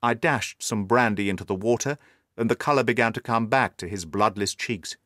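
A man's voice: lowish voice, sharp tone, no room sound. Man narrating a period story, dry close sound. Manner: measured, formal storytelling. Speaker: audiobook narrator.

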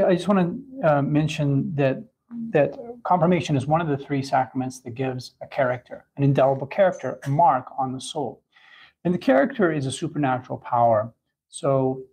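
A man giving a catechism lesson, talking in a halting way with many restarts and fillers. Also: medium pitch, a little mellow, breathy edge, low-quality recording. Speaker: catechism teacher.

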